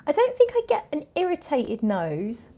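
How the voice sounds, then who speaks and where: Her voice sits high, its pitch swooping wildly at a moderate pace, with a mellow quality. She's in her forties, running a casual perfume livestream where she chats bubbly and rambling through viewer comments, full of laughs and restarts.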